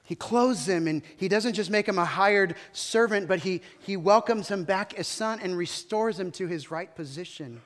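A man's voice: high voice, moderate pace, hardly any pauses, fairly bright tone, big-room sound. A male pastor preaching a sermon in a church, telling the story emphatically with dramatic rises and falls. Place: church hall.

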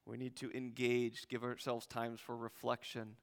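A man preaching a sermon as pastor, animated, acting out scripture dialogue with rising intensity. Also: medium pitch, moderate pace, clean tone, in a large hall.

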